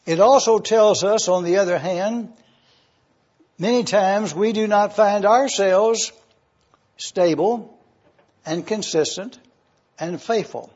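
A man preaching a sermon as pastor, teaching in a slow, deliberate cadence and laying out numbered points. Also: sits high, darkish tone, slightly rough, muffled recording.

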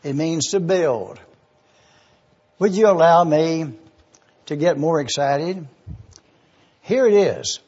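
A man's voice: a little high, slow pace, long pauses, a little mellow, breathy edge, lo-fi sound. A man preaching a sermon, eagerly teaching word meanings and spelling terms out letter by letter. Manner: enthusiastic teaching.

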